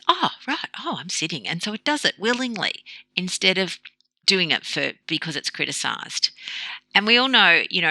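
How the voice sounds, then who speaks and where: A woman, a guest in an interview, who explains her ideas through lively analogies and acts out quoted voices. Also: deep voice, gravelly, no room sound. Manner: animated storyteller who acts out quoted dialogue. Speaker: guest, low-carb practitioner. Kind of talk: conversational interview.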